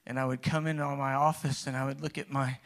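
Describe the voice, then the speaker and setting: A man's voice: medium pitch, level tone, fast, vocal fry, a bit bright. Man preaching a personal testimony. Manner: conversational storytelling, trailing restarts, builds to emphatic peaks.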